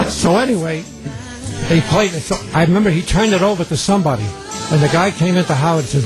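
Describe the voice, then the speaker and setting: Older man, storytelling, chuckling, high-pitched, music bed underneath. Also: animated, normal speed, pauses often, poor audio. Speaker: recording studio owner recalling the past. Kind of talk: archival interview recollection.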